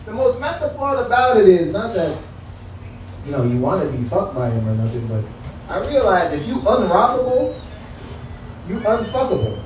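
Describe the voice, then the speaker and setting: A man's voice: high-pitched, big pitch swings, moderate pace, pauses often, a little mellow, far from the mic, slight background noise. A man doing a stand-up comedy set in a small club, talking straight to the crowd with loose, profane banter. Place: small comedy room at a cannabis lounge. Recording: very echoey room picked up from afar.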